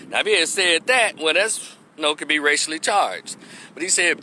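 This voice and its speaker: A man's voice: on the high side, lively intonation, brisk, sharp tone, a little hiss or hum. A man ranting into the camera with his opinions, blunt, profane and mocking. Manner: blunt, profane and mocking, mimics people in exaggerated voices. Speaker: commentary vlogger.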